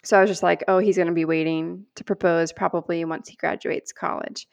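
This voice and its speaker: A woman co-hosting a podcast, telling a personal story in an animated, earnest way and acting out the lines she quotes. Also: lowish voice, fairly quick, vocal fry. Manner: animated storyteller, acts out quoted prayers and dialogue; earnest and heartfelt. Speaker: podcast co-host.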